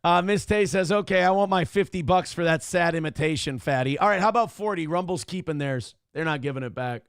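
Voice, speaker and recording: A middle-aged man hosts a casual livestream talk show, reading donations aloud with loud, crude jokes and a rough voice that cannot reach high notes. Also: brisk, no echo, clean studio sound. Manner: loud, crude, joking, reads chat messages aloud.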